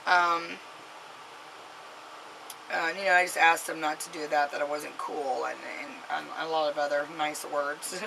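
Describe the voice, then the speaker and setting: A woman's voice: low-pitched, level tone, measured pace, vocal fry, long pauses, background noise. A mother vlogging to camera, telling a story in a rambling way with many fillers and restarts and giving an earnest, scolding warning.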